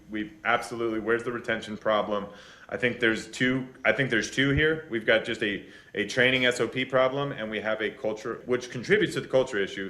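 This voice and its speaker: A man's voice: mid-range voice, pushed and bright. A man hosting a casual interview who swears heavily and talks in intense, emphatic rants. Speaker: podcast host. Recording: echoey room.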